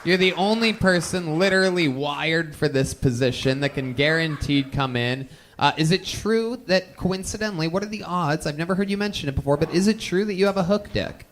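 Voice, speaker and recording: A man's voice: a little high, a little fast, a little hiss or hum. A man hosting a live comedy show, hyping the comic and asking teasing questions with laughter. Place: comedy club stage.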